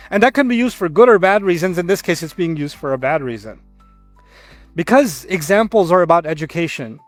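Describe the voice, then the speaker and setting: A man giving a Quran lesson, explaining Arabic words and acting out quoted speakers. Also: high-pitched. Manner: animated, acts out quotes. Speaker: Quran teacher.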